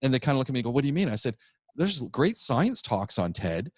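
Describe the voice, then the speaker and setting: A man co-hosting a podcast, telling a rambling, animated story about his public speaking class in a casual chat. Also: medium pitch, quick pace, slightly rough, no room sound, clean studio sound.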